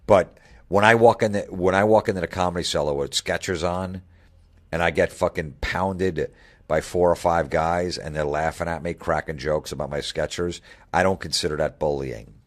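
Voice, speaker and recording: A man's voice: low voice, fairly even intonation, moderate pace. A middle-aged man hosting a comedy podcast, ranting bluntly and swearing constantly. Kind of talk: profane comedic rant.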